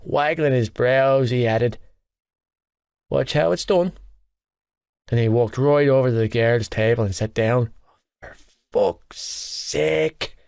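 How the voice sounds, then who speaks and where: A man narrating an audiobook in the first person, in a middle-pitched, matter-of-fact voice. The delivery drops low between lines of dialogue. The recording is dry and close, with no room sound. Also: a little mellow, dry recording.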